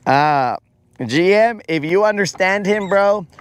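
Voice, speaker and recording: A man's voice: clear, resonant tone, dry recording. A man hosting a fishing livestream, chatting casually and animatedly with viewers in slang and acting out quoted voices. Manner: animated storyteller, slangy, acts out quotes in a higher voice.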